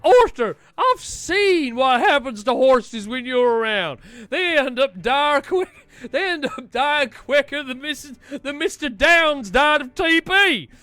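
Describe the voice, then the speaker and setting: A man's voice: very high voice, lively intonation, slow pace, pushed and bright, no room sound, exaggerated voice. A man voicing a pompous, reckless male gang leader who talks in a bossy, smug, dismissive way.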